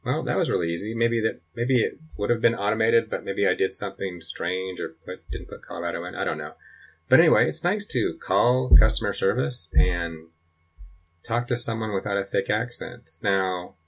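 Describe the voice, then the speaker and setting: A man's voice: on the low side, animated, moderate pace, vocal fry, husky. A middle-aged man walking through a computer setup at home, thinking aloud and rambling with restarts. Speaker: dad recording a computer tutorial. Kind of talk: casual screen-recording walkthrough. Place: home in Colorado.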